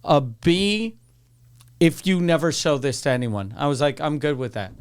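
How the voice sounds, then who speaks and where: A man co-hosting a casual podcast, telling an animated story about school and laughing along the way. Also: on the high side, moderate pace, smooth. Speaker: podcast co-host. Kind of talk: casual chat.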